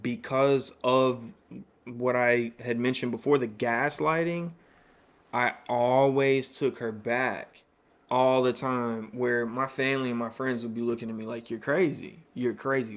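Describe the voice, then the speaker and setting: A man hosting his own podcast, telling a personal story in a candid, conversational way full of fillers and asides. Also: mid-range voice. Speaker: podcast host.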